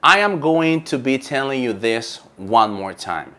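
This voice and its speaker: A man's voice: mid-range voice, animated, a little slow, fairly bright tone. A man who trains call center agents, giving an emphatic coaching lesson and repeating key points.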